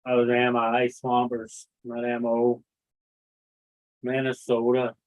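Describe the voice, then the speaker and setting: A man's voice: medium pitch, completely flat delivery, slow. A man hosting a casual livestream, rambling, swearing freely and reading chat messages aloud. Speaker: livestream host. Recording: tinny phone-like audio.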